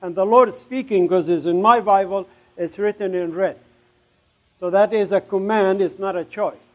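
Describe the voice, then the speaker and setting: A middle-aged man from Palestine giving an emotional testimony sermon, his voice surging loud on key words. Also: high-pitched, normal speed, muffled recording.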